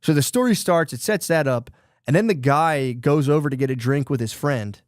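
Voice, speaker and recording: A man's voice: a little high, normal speed, no room sound, studio quality. A man hosting a podcast, casually and loosely retelling a book's plot with lots of swearing. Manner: loose, rambling retelling of a book plot, with profanity. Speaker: podcast host. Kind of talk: casual chat.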